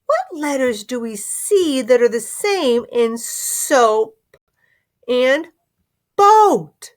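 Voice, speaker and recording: A woman teaching phonics to young children, sounding out words slowly and encouraging them, sometimes dropping to a whisper. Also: a little high, big pitch swings.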